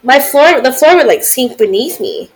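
A woman's voice: sits high, expressive, normal speed, husky. A woman in her forties, co-hosting a podcast in casual chat, talking in a chatty, sympathetic way with many fillers. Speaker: podcast co-host.

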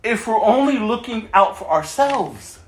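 Reading scripture aloud to his church, a male pastor delivers an animated sermon at a measured pace in a fairly high voice. He's earnest and warm, often chuckling between points, and the reverberant room makes his voice ring.

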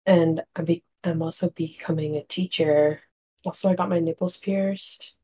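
A woman's voice: on the low side, fairly even intonation, normal speed, warm tone, breathy edge. A woman in her twenties co-hosting a podcast in casual chat, giggly and wry. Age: 20s. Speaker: podcast co-host.

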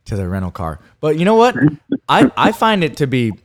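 A man's voice: a little high, huge pitch swings, fairly quick. A man co-hosting a podcast, telling rambling stories with many fillers and laughs. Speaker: podcast co-host. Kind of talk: casual storytelling chat.

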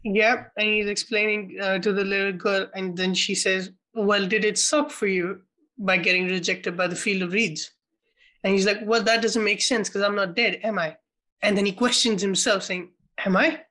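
A film podcast co-host with a bright, forward voice, talking casually and swearing freely. They retell scenes by acting out the characters' lines with enthusiasm. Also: mid-range voice, fairly even intonation, moderate pace.

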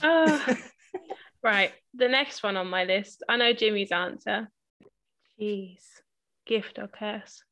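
A woman's voice: medium pitch, takes it slowly, long pauses, a bit bright. A woman hosting a podcast, chatting casually in an enthusiastic, teasing way. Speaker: podcast host. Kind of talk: casual chat.

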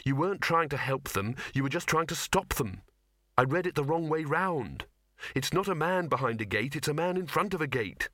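A pressing, earnest young man from a storybook, read by a male narrator. He pushes his point insistently, in a slightly raised and bright voice, recorded dry and close. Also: fairly high pitch, lively intonation, moderate pace, dry recording, voice pushed up. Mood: urgent. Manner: urgent, insistent. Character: urgent, breathless young man.

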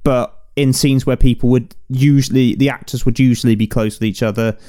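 A man on a podcast, chiming in agreeably and slipping into short anecdotes. His voice sits at a middle pitch with a relaxed conversational rhythm. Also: a little fast. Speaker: podcast co-host. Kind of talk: casual podcast chat.

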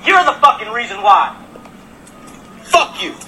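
A man's voice: very high-pitched, sing-song, measured pace, bright, forceful tone, slight background noise, rough recording. A man in a heated, profane confrontation outdoors on a residential street, filming on his phone. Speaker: delivery worker.

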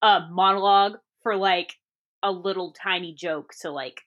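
A woman's voice: medium pitch, moderate pace, a bit bright, dull audio. A woman in casual podcast chat about a film, giggling often, using lots of filler words and trailing off.

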